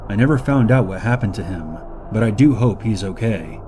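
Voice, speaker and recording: A man reading first-person horror stories as scripted narration, measured and slowing down on the eerie details. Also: on the low side, expressive, over music.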